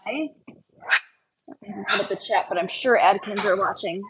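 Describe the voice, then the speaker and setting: At home on a casual live stream, a woman who breeds dogs shifts between high, sing-song baby talk to her puppies and low, chatty asides. Her voice is creaky, her pace moderate, and the recording has heavy background noise.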